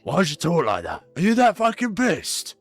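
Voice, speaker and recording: A man's voice: high-pitched, huge pitch swings, moderate pace, soft background music, pitched above the performer's own voice, heavily acted. A man voicing a blunt, swearing stablehand who guards horses and loses patience with a drunk. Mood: mocking.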